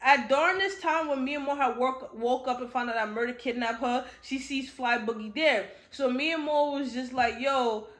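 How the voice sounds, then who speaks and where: A woman's voice: high-pitched, moderate pace, few pauses, a bit bright. A woman giving a casual, slangy recap of a book, chatty and full of swearing. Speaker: book reviewer. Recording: roomy echo.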